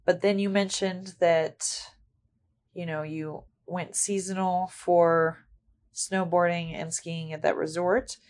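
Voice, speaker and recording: Lady podcast host, a bit low-pitched, friendly, lots of laughing, asking questions. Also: flat delivery, slow, a little mellow. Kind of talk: casual interview chat.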